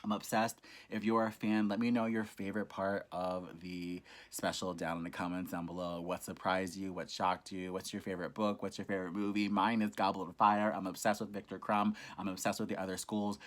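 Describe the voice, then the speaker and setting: Deep-voiced young man gushing on a vlog. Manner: gushing, enthusiastic, rambling with many fillers. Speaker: reaction channel host. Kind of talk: casual reaction vlog.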